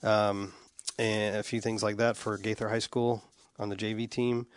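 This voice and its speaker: A man's voice: lowish voice, flat delivery, normal speed, clean tone, no room sound, studio quality. A middle-aged man co-hosting a sports podcast, reading listener emails and teasing his partner. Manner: reads listener emails aloud, wry teasing. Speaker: podcast co-host. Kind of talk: casual sports podcast chat. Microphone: studio mic with cough button.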